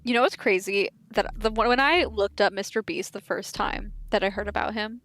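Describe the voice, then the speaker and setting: A woman's voice: medium pitch, moderate pace, fairly bright tone, faint music behind. A woman in her twenties with a light Southern accent, chatting and giggling with her live-stream chat. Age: 20s.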